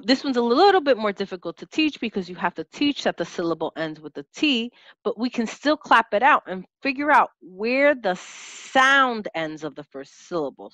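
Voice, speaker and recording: A woman teaching a lesson, sounding out letters and syllables slowly and clearly as an instructor. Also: a little high, fairly bright tone, no room sound. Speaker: teacher and test-prep instructor.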